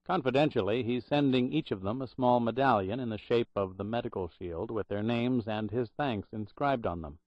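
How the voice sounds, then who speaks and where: Narrator as a low-key, guarded agent type, measured and quiet, dry muffled audiobook sound. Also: male voice, no echo, natural voice. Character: calm, guarded man posing as government official.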